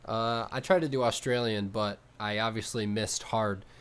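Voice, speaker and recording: A young man co-hosting a podcast, telling stories in a casual, animated way with swearing. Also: lowish voice, normal speed, smooth. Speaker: podcast co-host. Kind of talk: casual chat.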